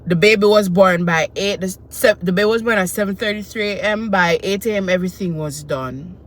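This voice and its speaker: A woman, telling a personal story in a casual, animated and emotional way. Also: mid-range voice, fairly quick. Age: 20s. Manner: animated, emotional retelling with quoted voices. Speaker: vlogger.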